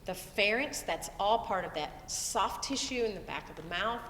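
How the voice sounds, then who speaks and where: A woman's voice: medium pitch, animated, normal speed, a bit bright, in a large hall, slight background noise. A woman voice teacher who has a cold, explaining the vocal tract in a loose, conversational lesson and breaking into short vowel demonstrations.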